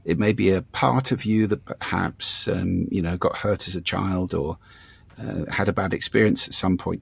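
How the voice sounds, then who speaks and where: An older man as an interview guest, explaining ideas in a demonstrative way and playing with his pitch and volume to show his points. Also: moderate pace, vocal fry, breathy edge, no room sound. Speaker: guest, speaking coach. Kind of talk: conversational interview.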